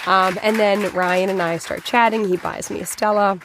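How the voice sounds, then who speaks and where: A woman in her thirties from Boston, telling a personal story in a chatty, animated way, full of "like" fillers. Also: medium pitch, moderate pace, crowd noise, noisy background. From Boston, USA. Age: 30s.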